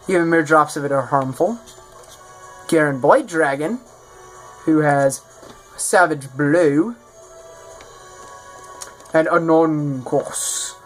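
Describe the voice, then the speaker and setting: Rambling man showing off a game mod. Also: on the high side. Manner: rambling, self-correcting, offhand. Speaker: game modder presenting his own hack. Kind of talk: casual gameplay mod showcase commentary.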